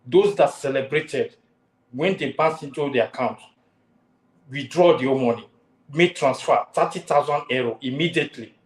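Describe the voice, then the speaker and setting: A man's voice: medium pitch, moderate pace, reverberant, rough recording. A man hosting a heated talk show, repeating his warnings with force.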